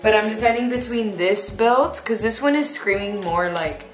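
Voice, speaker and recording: A woman's voice: medium pitch, expressive, moderate pace, few pauses. Giggly woman vlogging, roomy sound. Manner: chatty and giggly, talking to the camera. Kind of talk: casual vlog chat. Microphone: camera held by someone else. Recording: roomy, camera a bit distant. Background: music playing.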